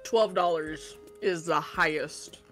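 A woman's voice: low-pitched, takes it slowly, fairly bright tone, soft background music. A woman streamer chatting casually, emphatic and opinionated as she explains her views. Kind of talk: casual chat.

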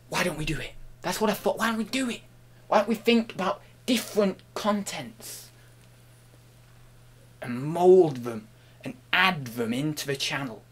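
A man hosting a comic vlog, playful and mock-grandiose, jumping between loud outbursts and hushed murmurs, at times talking while chewing. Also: fairly high pitch, measured pace, long pauses, husky. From United Kingdom. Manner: talks while chewing an apple. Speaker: online reseller and channel host.

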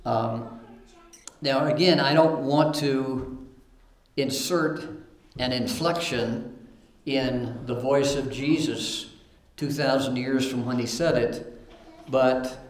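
A man's voice: mid-range voice, fairly even intonation, takes it slowly, pauses often. A man preaching a sermon, reading scripture aloud between plain remarks, with fillers and repeated starts. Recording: roomy echo.

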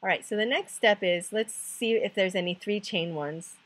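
A woman's voice: mid-range voice, normal speed, dry recording. A woman teaching a recorded chemistry lesson, explaining patiently step by step, counting aloud and making self-deprecating jokes. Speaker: chemistry tutor.

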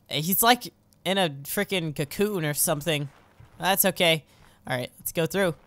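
A young woman commentating on a video game, excitable and giggly, yelping and shouting at what happens on screen. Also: deep voice, normal speed, no room sound. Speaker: let's play host.

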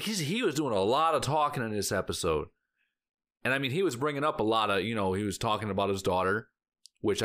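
A man's voice: mid-range voice, a bit bright. A man talking casually to his viewers as a reaction vlog host, rambling with lots of "like" fillers and emotional sighs and exclamations. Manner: rambling, heavy use of filler "like".

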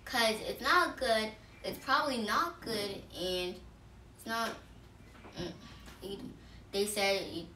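Woman vlogger, earnest and simple, bright voice, faint room noise behind. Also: medium pitch, recorded from a distance. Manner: simple, earnest explaining with restarts. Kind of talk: casual explainer vlog. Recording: echoey room, voice off the mic.

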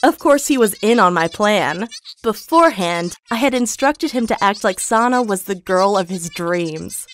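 A woman's voice: medium pitch, lively intonation, moderate pace, soft background music. A woman narrating a first-person storytime in a gleeful, gossipy way.

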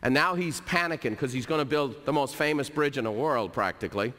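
A middle-aged man giving an energetic motivational business talk, telling stories and repeating key phrases for emphasis. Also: medium pitch, a little fast. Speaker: keynote speaker. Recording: hall reverb.

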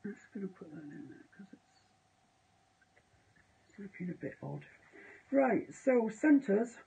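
A woman's voice: medium pitch, big pitch swings, unhurried, vocal fry, dark tone, husky. A woman demonstrating painting on a live stream, chatting casually and trailing off mid-thought. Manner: chatty, self-amused, trails off mid-sentence. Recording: dull lo-fi live stream audio.

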